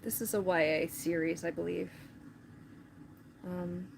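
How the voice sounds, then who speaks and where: A woman's voice: fairly low pitch, fairly even intonation, unhurried, creaky, slight background noise. Chatty woman live-streaming. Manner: chatty, rambling, many "like" fillers. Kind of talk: casual live-stream chat.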